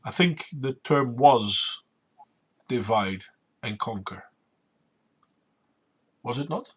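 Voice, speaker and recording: Man, Dutch accent, stream host; husky, steady mid-pitch, argues calmly and at length. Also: takes it slowly. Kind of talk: casual political debate.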